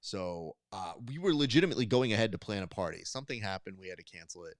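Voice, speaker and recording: Animated man telling stories on a podcast. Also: low-pitched, fast, no room sound, studio quality. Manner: animated storyteller, acts out quotes. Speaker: podcast co-host. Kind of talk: casual chat.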